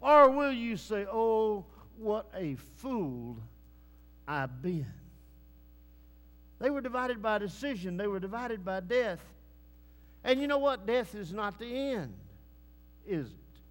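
A man preaching a sermon, swinging from hushed, low passages to loud, rising calls. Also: lively intonation, unhurried. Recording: long hall reverb.

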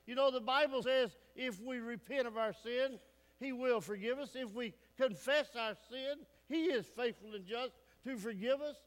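A man's voice: extremely high pitch, moderate pace. A man preaching a folksy, emphatic sermon in a church sanctuary, often asking the congregation questions. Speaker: pastor. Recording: long hall reverb.

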